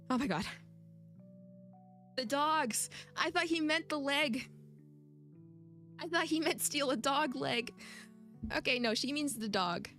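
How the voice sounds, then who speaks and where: A woman's voice: high-pitched, lively intonation, a little slow, pauses often, a bit bright, soft background music. A woman streamer chatting casually with her viewers and reading game text aloud, giggling often and rambling.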